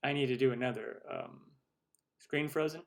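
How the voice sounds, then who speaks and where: A middle-aged man hosts a casual live stream from his computer. His voice sits at an ordinary middle pitch, and he rambles through answers with plenty of restarts and little laughs. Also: fairly even intonation, moderate pace. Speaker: host of a cooking channel live stream.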